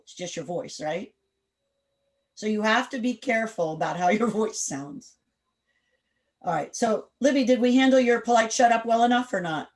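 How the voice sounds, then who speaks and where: A woman leading an interactive online class over a video call, direct and firm, quizzing the group with quick questions. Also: medium pitch. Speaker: workshop instructor.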